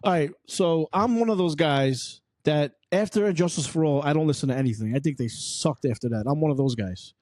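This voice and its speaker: A man's voice: a little high, a little fast, few pauses, a little mellow, no room sound, clean studio sound. A man with a New York accent mixing Brooklyn and Long Island, a podcast guest talking bluntly and swearing freely. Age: older. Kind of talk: casual podcast chat.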